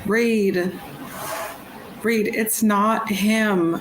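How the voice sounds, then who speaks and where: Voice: medium pitch, steady tone, extremely slow, reverberant, noisy background, voice pushed up. A player voicing a wary female animal character who insists firmly. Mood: insistent. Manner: firm, insistent.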